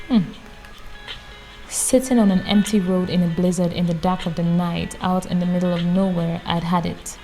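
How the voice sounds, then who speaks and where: A woman reading a book aloud in a calm, casual way, often stopping to add her own amused comments. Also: fairly low pitch, moderate pace, faint music behind, low-quality recording. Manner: reads calmly, breaks off for amused personal comments. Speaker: audiobook reader. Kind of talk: casual read-aloud with chatty asides.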